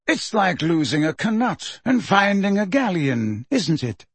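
A man reading an audiobook, voicing a calm, pleasant old male headmaster wizard with gentle irony. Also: high-pitched, a little slow, breathy edge, no room sound, pitched above the performer's own voice, full character voice.

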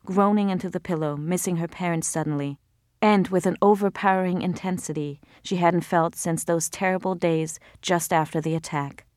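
A woman with a low voice narrates a scripted audiobook. The recording has studio quality and no room sound.

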